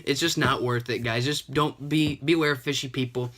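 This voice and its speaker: A young man vlogging about a video game in a chatty, sarcastic way. His voice is bright and forward, at an everyday middle pitch. He sounds a little sick, with the odd sniffle. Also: fairly even intonation, fairly quick. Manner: chatty, retelling a chat with lots of "and he's like". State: slightly sick, coughing and sniffling. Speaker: gaming YouTuber. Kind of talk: casual gaming vlog commentary.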